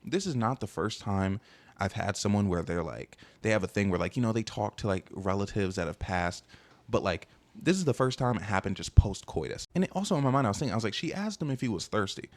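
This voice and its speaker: A man's voice: fairly low pitch, lively intonation, quick pace, a little mellow. A young man casually telling a dating story in a rambling, slangy way, full of fillers.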